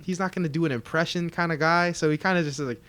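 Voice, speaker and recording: A young man co-hosting a casual podcast chat, telling stories in a slangy, profane, animated way. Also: fairly high pitch, fast talker. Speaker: podcast co-host.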